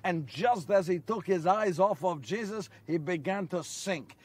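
A man's voice: high-pitched, unhurried, dry recording, far from the mic. A man playing an earnest apostle who recalls miracles in a first-person monologue, telling the story and asking his listeners questions, recorded outdoors. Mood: awed. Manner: storytelling, rhetorical questions to listeners, builds to shouts. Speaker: actor in a one-man biblical monologue. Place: outdoors on location.

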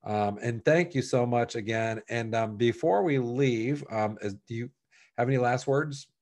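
A man hosting an interview, speaking softly and haltingly as he thanks his guest. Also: medium pitch. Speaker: host.

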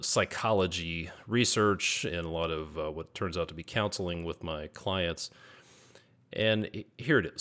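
A man's voice: sits low, a bit bright. A man hosting a podcast, speaking earnestly as a business coach, repeating key points and rattling off lists of negative self-talk. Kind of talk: podcast monologue.

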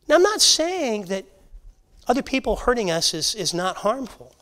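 A man teaching a Bible lesson to a church class, earnest and halting, often restarting his sentences. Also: extremely high pitch, sing-song, a bit bright. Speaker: Sunday school teacher.

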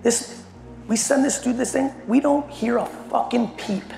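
A middle-aged man giving a blunt, animated keynote to a company audience and swearing constantly as he tells a story. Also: very high-pitched, unhurried, vocal fry. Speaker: keynote speaker. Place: large hall at a company event. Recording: echoey hall with faint music.

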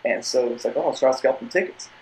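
A man's voice: medium pitch, fast talker, darkish tone, low-quality recording. Young man, podcast guest, rambling casual storytelling, lots of restarts. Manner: rambling, tangents, repeated restarts.

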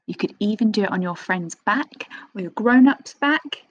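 A woman teaching young children a phonics lesson, speaking in an expressive sing-song teacher voice with little gasps of excitement. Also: medium pitch, moderate pace, breathy edge, dry recording, lo-fi sound. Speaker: primary school teacher.

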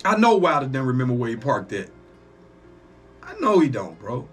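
A man hosting a reaction video, talking casually, excitable and profane, exclaiming often. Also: medium pitch, normal speed, slightly rough.

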